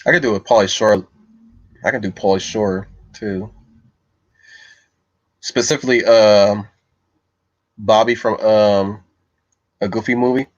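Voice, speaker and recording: A man's voice: fairly low pitch, dry recording. A man hosting a livestream, chatting casually and meandering as he answers viewers' comments. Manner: loose, meandering, thinks aloud while answering viewers. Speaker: livestream host reading chat. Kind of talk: casual rambling livestream chat. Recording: slightly dull lo-fi mic, dry.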